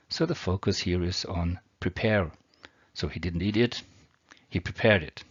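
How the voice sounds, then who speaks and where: A man's voice: sits low, a little slow, breathy edge, dry recording. A man teaching English grammar with a non-native accent, explaining patiently step by step. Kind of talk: explaining grammar over slides. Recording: dull lo-fi homemade audio.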